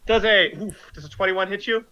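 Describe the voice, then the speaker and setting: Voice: medium pitch, a little fast, pushed and bright. A game master running a tabletop game, counting dice rolls aloud and laughing often. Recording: slightly dull lo-fi sound.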